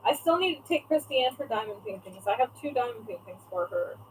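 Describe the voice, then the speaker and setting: Young woman, higher voice, loose live-stream chatter with viewers, casual swearing, faint room hum. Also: expressive, brisk, low-quality recording. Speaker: craft shop owner streaming live.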